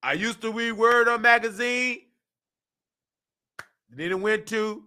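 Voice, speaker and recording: A man hosting a show, giving loose, slangy, animated commentary. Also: very high voice, slow, pauses often, clean tone. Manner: animated, loose slangy storytelling with sudden sung bits. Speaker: show host. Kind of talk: casual commentary.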